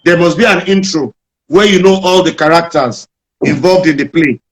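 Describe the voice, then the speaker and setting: A Nigerian man, a comedian being interviewed, explaining his craft and telling jokes in an animated storytelling manner with a Nigerian accent. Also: on the high side, normal speed, low-quality recording. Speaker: comedian guest.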